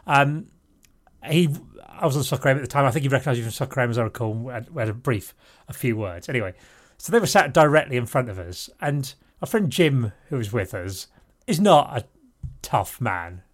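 A man's voice: mid-range voice, lively intonation, a little fast. A middle-aged man casually telling a rambling story on a podcast, correcting himself as he goes and breaking into laughter.

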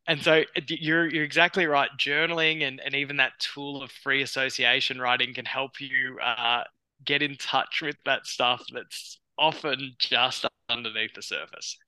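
A man with an Australian accent, a psychologist guest on a podcast, talking in a lively way with frequent restarts and acted-out quotes. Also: medium pitch, moderate pace, clean tone, no echo, rough recording. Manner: animated, acts out clients' inner voices, many restarts. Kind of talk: conversational podcast interview.

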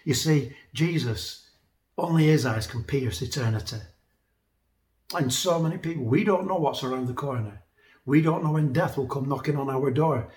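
A man's voice: a little high, normal speed, a little mellow. A man preaching a sermon in an earnest, conversational way, often repeating words as he builds a point. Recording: echoey room.

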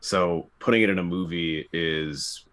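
Deep-voiced man giving blunt opinions. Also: steady tone, a little slow, fairly bright tone. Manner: opinionated, laughs between points. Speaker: podcast co-host. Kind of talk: casual movie discussion.

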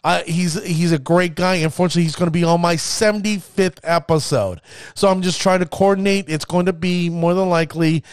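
A fired-up man hosts his own podcast, building hype and tripping over his words as he rambles. His voice sits a touch high for a man. The recording is close and dry, with no room around it. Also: fairly even intonation, a little fast, smooth, dry recording. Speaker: podcast host. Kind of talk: enthusiastic casual podcast talk.

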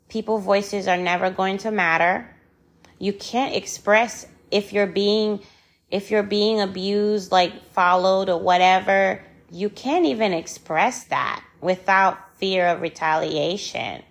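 An angry, frustrated woman speaking her mind in a personal vlog. She talks slowly and deliberately, with a gravelly, creaky edge to her mid-pitched voice. She hammers her points home by repeating phrases and swears freely. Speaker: vlogger.

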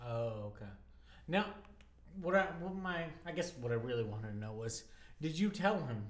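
A man's voice: mid-range voice, big pitch swings, moderate pace, echoey room. A man co-hosting a podcast in casual chat, teasing dryly and mostly answering in short replies. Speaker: podcast co-host.

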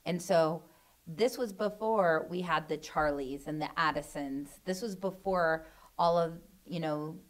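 A woman's voice: low-pitched, measured pace. A woman in casual chat, giving her take on people she knows.

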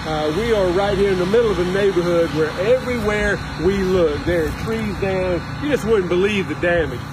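High-voiced man, folksy on-location report, outdoors, loud traffic noise behind. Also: moderate pace. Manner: earnest, folksy, with fillers. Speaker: ministry volunteer reporting from a storm area. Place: storm-damaged neighborhood outdoors.

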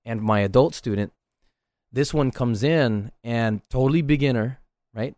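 A man's voice: medium pitch, unhurried, a little mellow, no echo, clean studio sound. A middle-aged man, a martial arts instructor, talking earnestly on his podcast, often checking in with "right?". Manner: earnest, coaching tone, frequent "right?" tags. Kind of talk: casual solo podcast talk.

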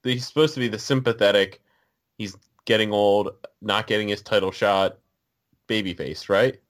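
A man's voice: fairly low pitch, fairly even intonation, moderate pace. A man co-hosting a casual podcast chat, loose and chatty, asking questions and laughing often. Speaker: podcast co-host.

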